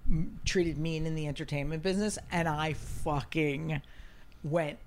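A man's voice: a little high, measured pace, slight background noise. A man hosting a podcast, telling stories in casual chat and acting out what people said. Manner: profane, animated storyteller who acts out quotes. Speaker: podcast host and comedian.

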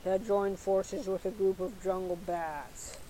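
A woman's voice: mid-range voice, flat delivery, takes it slowly, mellow, slight background noise, lightly acted, rough recording. A woman voicing a young male bat speaking carefully and formally to a prince, in a storybook reading. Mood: cautious.

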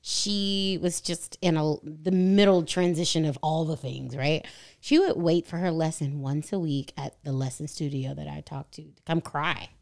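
A woman's voice: low-pitched, fairly even intonation, moderate pace, creaky, a little mellow. A woman voice teacher telling stories on a podcast in a casual, effusive way.

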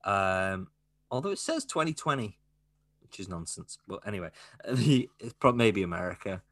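A man's voice: fairly low pitch, expressive, moderate pace, fairly bright tone, dry recording. A man co-hosting a podcast, chatting casually and jokingly about films with rambling asides. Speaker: podcast co-host. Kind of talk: casual film chat.

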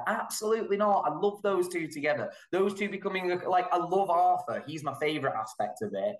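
Male podcast co-host, emphatic and gushing, slightly high voice, echoey room. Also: animated, fairly quick, few pauses. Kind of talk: casual chat.

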